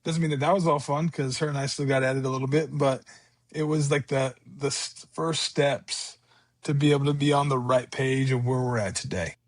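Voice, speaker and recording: A man's voice: medium pitch, steady tone, normal speed, no echo. Earnest man telling his story. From California. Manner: earnest, repeats words and restarts, quotes himself aloud. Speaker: podcast guest. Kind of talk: candid conversational storytelling.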